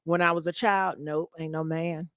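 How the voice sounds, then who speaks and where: A woman's voice: on the low side, steady tone, normal speed, fairly bright tone, dry recording, studio quality. A woman hosting a live call-in show, talking in a blunt, slangy, casual way. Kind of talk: casual live-stream chat.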